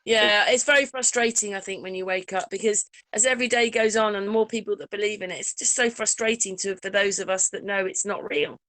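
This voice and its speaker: A woman chatting casually as a host, animated, acting out quotes as she goes. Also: medium pitch, brisk, few pauses, dry recording. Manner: animated, acts out quoted voices. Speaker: channel host. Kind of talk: casual conversation.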